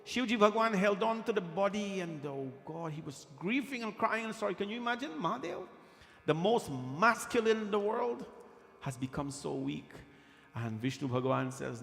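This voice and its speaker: A pandit leads a katha in a temple hall, preaching a devotional sermon and repeating phrases for emphasis. His voice sits high and creaky, and he speaks briskly, with the hall's long reverb and music in the recording.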